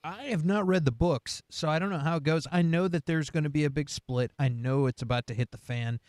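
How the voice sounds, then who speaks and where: A man's voice: on the high side, a little fast, darkish tone, no echo, studio quality. A man co-hosting a casual pop-culture chat, rambling with many fillers and frequent laughs. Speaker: podcast co-host.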